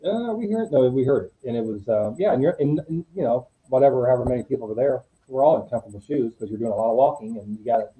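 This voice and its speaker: A middle-aged man, a podcast guest, talks with a very mellow, dark tone. His storytelling is animated and wanders off on tangents. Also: medium pitch, very fast, few pauses, poor audio. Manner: animated, digressive talker. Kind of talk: casual storytelling.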